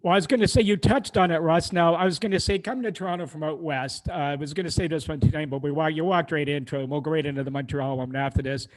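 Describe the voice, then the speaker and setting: A man co-hosting a podcast, quickly asking his guest questions in a casual chat. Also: fairly high pitch, steady tone. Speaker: podcast co-host. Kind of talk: casual interview.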